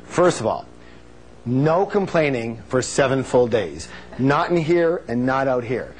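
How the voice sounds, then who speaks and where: An unhurried man with a medium-pitched voice and big swings in pitch delivers a live motivational seminar. His style is emphatic and humorous as he questions the audience and gets them to repeat lines back.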